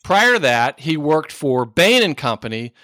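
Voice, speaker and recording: Lively upbeat male podcast host. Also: on the high side, a little slow, no echo, clean studio sound. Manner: upbeat, playful, laughs easily. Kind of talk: scripted podcast introduction and interview.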